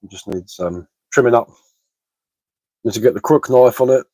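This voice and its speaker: A man, a little hoarse from being ill, chatting casually on a livestream and answering comments with lots of hesitant fillers and repeated words. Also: mid-range voice, normal speed, mellow, no room sound, low-quality recording. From England. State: slightly hoarse from illness. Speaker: bushcraft livestreamer.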